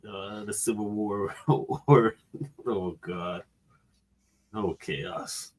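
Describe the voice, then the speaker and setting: A man from Philadelphia hosting a casual livestream chat, easygoing and quick to laugh. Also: lowish voice, fairly even intonation, a little mellow. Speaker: show host.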